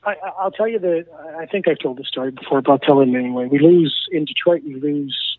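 A former hockey coach turned broadcaster, with a slightly high voice and brisk delivery, tells stories in a radio interview. He's an animated storyteller who repeats words and acts out quoted dialogue, all over a tinny, dry phone line.

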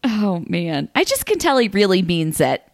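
A woman's voice: medium pitch, big pitch swings, moderate pace, creaky, no room sound, clean studio sound. A woman co-hosting a podcast in casual chat, recapping news in a chatty way with frequent fillers. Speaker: podcast co-host.

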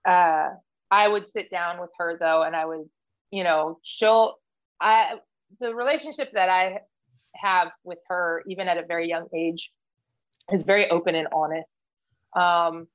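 A woman's voice: on the low side, dull audio. A woman guest in a casual interview, speaking candidly and earnestly, with frequent fillers and restarts. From United States. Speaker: podcast guest, Marine veteran.

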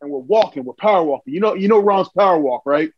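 A man telling stories as a podcast guest in a casual, animated, excitable way. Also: high-pitched, fast talker, lo-fi sound, a little hiss or hum. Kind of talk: casual storytelling.

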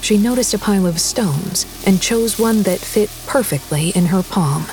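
Woman narrator, horror audiobook, mellow dark tone, measured delivery. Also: mid-range voice.

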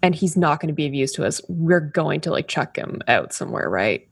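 Blunt, deadpan woman gamer. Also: sits low, brisk, gravelly, slightly rough. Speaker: player. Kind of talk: tabletop game role-play.

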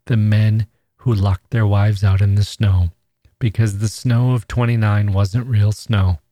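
A man, a podcast host, reading a classic short story aloud in a measured, even way. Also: on the low side, dry recording, studio quality.

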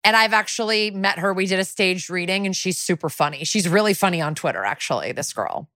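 A woman co-hosting a podcast in casual chat, chiming in quickly with asides. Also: fairly low pitch, animated, pushed and bright, no echo, clean studio sound. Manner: chatty, quick agreement, laughs along. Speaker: podcast co-host.

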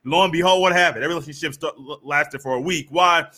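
A young man hosting a sports podcast, talking casually and acting out little scenes with animated swings in pitch and pace. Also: quick pace. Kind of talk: casual monologue with storytelling.

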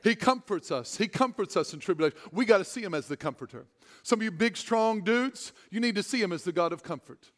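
Male pastor, high voice, excited sermon delivery with quiet tender dips, in a church hall with a long reverb tail. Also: a little fast. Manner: swings from loud excited preaching to hushed tender speech.

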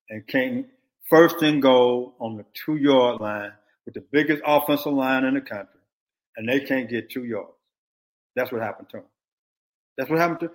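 An older man, a former football coach, giving blunt, animated opinions in casual sports talk. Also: mid-range voice.

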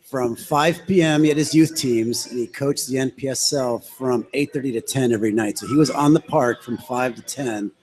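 A man's voice: medium pitch, moderate pace, a little mellow, low-quality recording. A man who runs a soccer club, speaking as a guest in a matter-of-fact way. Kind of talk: casual chat.

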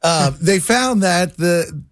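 A man's voice: high voice, lively intonation, slow pace, no room sound, studio quality. A man co-hosting casual morning radio banter, playful and chuckling often. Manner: playful, chuckles often, jokey folksy asides. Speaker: radio co-host.

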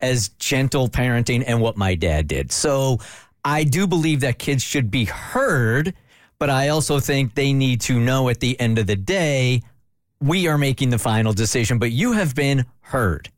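A man's voice: mid-range voice, expressive, measured pace, dry recording, clean studio sound. A man hosting a talk radio show, chatting casually and telling stories to his co-hosts. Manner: conversational, storytelling.

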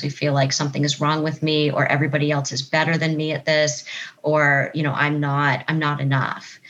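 A woman's voice: sits low, fairly bright tone, muffled recording, a little hiss or hum. A woman psychotherapist talking as an interview guest, earnest and explanatory. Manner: earnest, explanatory, acts out quoted voices. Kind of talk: conversational interview.

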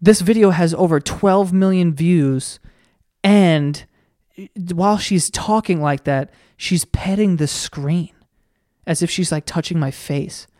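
A man's voice: a little high, slow, dark tone, dry recording, clean studio sound. A man hosting a podcast, chatting casually in a profane, rambling, sarcastic way while he searches online. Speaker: podcast host. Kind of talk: casual comedic rant.

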